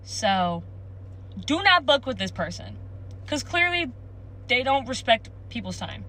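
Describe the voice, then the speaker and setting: A woman rants to camera, irate and swearing freely. Her voice is bright and sharp, pitched a little high. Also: sing-song, measured pace, a little hiss or hum, poor audio. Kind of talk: angry rant to camera.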